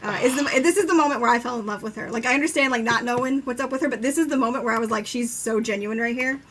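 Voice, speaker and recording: Young woman recapping a book fast and gushing, high voice, light hiss under the mic. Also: fairly bright tone. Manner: enthusiastic, swears freely, acts out quotes with laughter. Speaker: book discussion co-host. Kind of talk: casual live-stream book chat.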